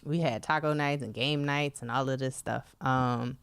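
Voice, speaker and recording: A woman co-hosting a podcast in casual, chatty talk, laughing often and filling pauses with "um" and "like". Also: very deep voice, fairly even intonation, clear, resonant tone, no room sound. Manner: chatty, laughing, lots of fillers. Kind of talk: casual chat.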